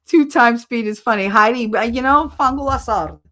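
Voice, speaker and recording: A woman with a fairly high voice co-hosts a livestream at a moderate pace, chatting casually with viewers. She's animated, switching voices and laughing easily.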